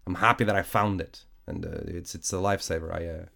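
Talking fast through a studio podcast microphone, this solo host has a low, bright, forceful voice with vocal fry and fairly even intonation. A native Portuguese speaker congested with sinusitis, he chats in a rambling way, filling gaps with fillers and often correcting himself.

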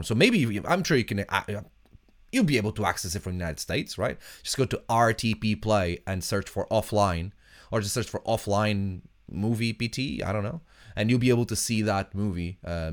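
A man hosting his podcast in casual chat, rambling and searching for words as he answers listener questions. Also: low voice. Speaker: podcast host.

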